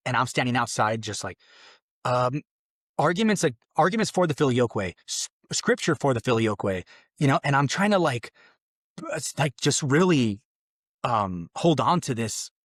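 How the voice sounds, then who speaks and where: At a normal speed and with lively intonation, the Mexican guest on this podcast talks through how he converted, his account earnest, meandering, and full of restarts. When quoting his past exclamations, he goes louder and higher; the recording is dry and studio-quality.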